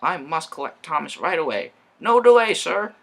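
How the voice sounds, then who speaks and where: A vain red steam engine boasts in a bright, raspy, high-pitched voice, put on by a man reading a storybook. He swoops up and down with loud, showy exclamations. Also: lively intonation, moderate pace, full character voice. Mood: earnest.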